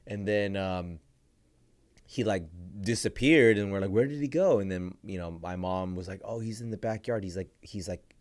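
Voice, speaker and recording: A man's voice: low voice, fairly even intonation, moderate pace. A young man co-hosting a podcast, telling a story in a rambling casual way, full of "like" and "bro". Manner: rambling, heavy use of "like" and "bro". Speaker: podcast co-host.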